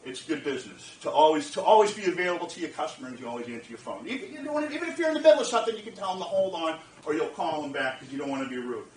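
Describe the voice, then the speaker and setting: A man telling a lively story to a lecture audience, laughing, repeating phrases and checking in with the listeners. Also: on the high side, racing, hardly any pauses, slight background noise. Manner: animated, laughing, repeats phrases, asks the audience "you get what I'm saying?". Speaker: speaker at a lecture event. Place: lecture room. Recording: roomy, distant from the mic, faint ambience.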